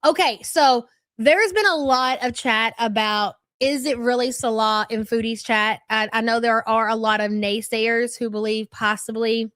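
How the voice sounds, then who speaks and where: A woman's voice: a little high, steady tone, unhurried, fairly bright tone, dry recording, studio quality. A middle-aged woman hosting a casual live stream, chatting in a gossipy way and reading viewer comments aloud.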